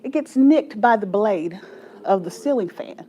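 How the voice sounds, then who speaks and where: A Texan woman in her forties leads a church study group, telling stories to the group with self-mocking humor and frequent laughter. Her mid-range voice has lively intonation and a dark tone, and she speaks a little slowly.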